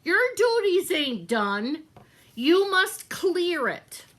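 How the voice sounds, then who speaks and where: A woman voicing a bossy, loud female castle cook in a read-aloud storybook, barking orders in a shrill, impatient voice. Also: very animated, very slow, full character voice.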